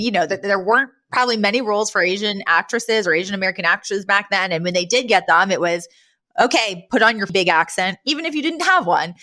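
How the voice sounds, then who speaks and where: A woman's voice: mid-range voice, pushed and bright. A woman co-hosting a podcast, chatting casually about a sitcom episode, giggling and acting out quoted lines. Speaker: podcast co-host.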